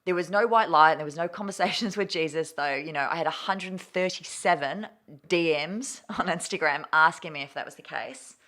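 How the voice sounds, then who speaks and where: A woman's voice: fairly low pitch, brisk, few pauses, a bit bright. A woman, telling her story candidly and emotionally as a guest in an interview, swearing casually.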